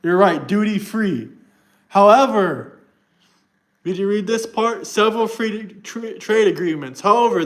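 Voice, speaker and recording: A man's voice: high-pitched, fairly bright tone. A man livestreaming and arguing with his chat in a combative, mocking way, reading text aloud to prove his point. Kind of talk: live stream chat rant.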